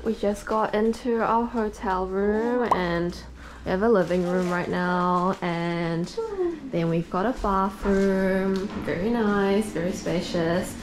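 A young woman in her twenties vlogging her travels into a handheld phone, chatty and excitable. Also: medium pitch, slow pace, background noise. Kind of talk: casual travel vlog. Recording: loud music under the voice.

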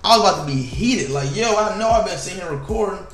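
Animated slangy man over gameplay. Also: high-pitched, roomy sound, faint music behind. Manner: animated, slangy, quick swings to loud outbursts. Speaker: gaming YouTuber. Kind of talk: casual gameplay commentary.

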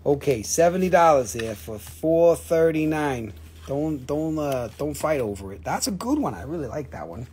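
A man's voice: fairly high pitch, sing-song, normal speed, darkish tone, slight background noise. A man hosting a live rock auction, chatting casually with joking, playful salesman patter. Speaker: host selling rocks in a live auction.

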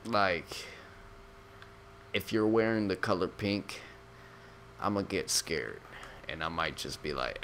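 A man's voice: low-pitched, expressive, takes it slowly, gravelly, long pauses, fairly bright tone, a little hiss or hum. A young man giving casual, joking gameplay commentary as a gaming YouTuber, rambling and slangy.

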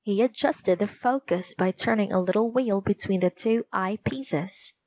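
A woman narrating a children's storybook in a gentle, measured reading voice. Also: mid-range voice, no echo.

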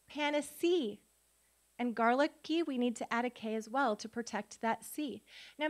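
Middle aged woman, high voice, teaching phonics rules at a conference, lots of questions to the crowd. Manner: quizzing the audience with rhetorical questions. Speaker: literacy educator and conference speaker. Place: conference room before an audience.

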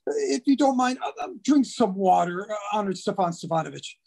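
A man's voice: high-pitched, lively intonation, brisk, gravelly, a little mellow, heavily acted. An actor in his thirties playing a nervous, stammering suitor who keeps repeating words, in an amateur remote stage play. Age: 30s. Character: nervous anxious 35-year-old suitor. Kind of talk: amateur stage acting over video.

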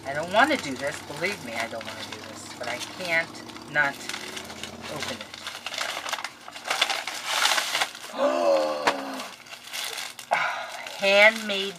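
A woman's voice: low-pitched, noisy background. Gushing woman opening mail on camera. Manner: gushing, excitable, talks to viewers and senders directly. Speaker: crafting vlogger. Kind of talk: casual unboxing chat to camera.

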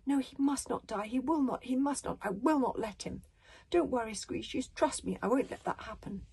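A woman's voice: a little high, normal speed, creaky, a little mellow, slight background noise, pitched above the performer's own voice. A woman doing an earnest, desperate young boy. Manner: earnest and pleading.

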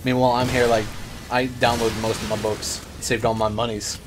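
A young man gives rambling, excitable let's play commentary and swears now and then. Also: mid-range voice, a little fast. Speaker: gamer. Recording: noisy background ambience.

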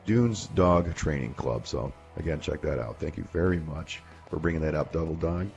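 A man's voice: a bass voice, normal speed, creaky, darkish tone, muffled recording, faint music behind. A man hosting a casual veterans' radio roundtable, laid-back and a little stumbling as he hands over to each guest. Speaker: host.

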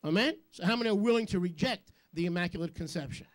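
A man preaching a sermon as a rabbi, joking with quick asides and questioning the congregation. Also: sits high. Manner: jokey, rapid asides, call-and-response questions.

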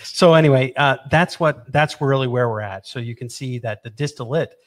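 A man of ordinary middle pitch walks a listener through a technical drawing in a loose, talkative way. He repeats words for effect and slips in playful asides. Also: moderate pace. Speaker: presenter explaining equipment. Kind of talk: casual technical explanation over drawings.

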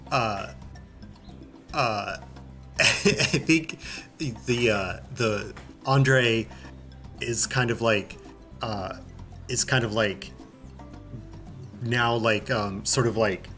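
Male game master narrating a tabletop game, halting delivery, soft music under. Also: fairly low pitch. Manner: halting, searching for words.

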